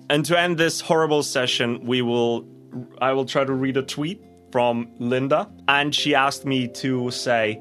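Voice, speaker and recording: A man's voice: medium pitch, a little slow, a bit bright, faint music behind. A young man with a Swedish accent, vlogging casually and laughing at his own slips as he tries tongue twisters. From Sweden.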